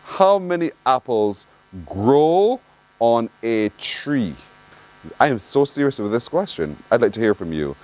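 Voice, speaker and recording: A man's voice: medium pitch, very animated, unhurried, a little mellow, rough recording. A man with a Barbadian accent hosting a morning call-in radio show, teasing callers with playful banter. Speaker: radio host.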